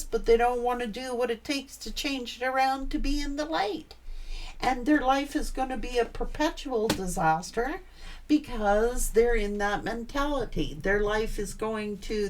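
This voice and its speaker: A woman giving a tarot reading, blunt and emphatic, swearing freely as she talks. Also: fairly high pitch. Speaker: tarot reader.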